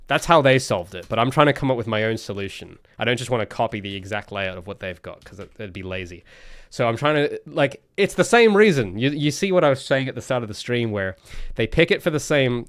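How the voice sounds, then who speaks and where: A man's voice: mid-range voice, no room sound. Young man, game developer, casual stream commentary, rambling with fillers, dry close sound. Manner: rambling, explains with many fillers and restarts.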